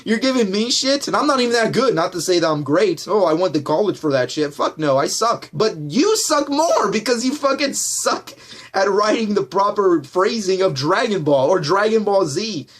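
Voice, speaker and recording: Man, high voice, heated ranting response video, profane, loud outbursts then calm asides. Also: moderate pace. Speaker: YouTuber answering a comment.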